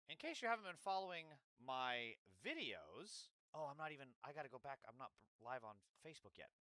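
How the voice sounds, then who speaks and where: A man's voice: medium pitch, expressive, moderate pace, pushed and bright, smooth, dry recording. A man hosting a casual livestream, rambling and swearing freely while he eats and greets viewers at a close desk microphone. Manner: rambling, profane, talks while eating. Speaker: livestream host.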